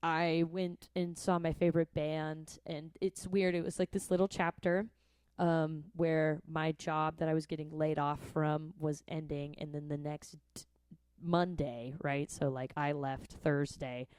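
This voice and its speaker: Young woman, casual vlog monologue, chatty and earnest, slightly low voice, dry close sound. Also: level tone, a little slow, darkish tone, clean tone, no echo. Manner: chatty, frequent "like" and "right?", earnest. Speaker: vlogger and musician.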